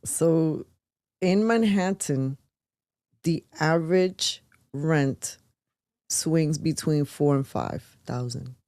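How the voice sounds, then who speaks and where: Woman co-host, lowish voice, measured, hesitant fillers, dry close sound. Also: mellow, dry recording. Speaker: podcast co-host. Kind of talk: casual political talk.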